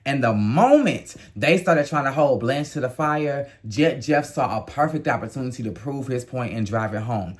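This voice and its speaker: Blunt, expressive man reviewing reality TV. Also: normal speed, few pauses. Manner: expressive, blunt, emotional, swings to high exclaims. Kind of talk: casual review vlog.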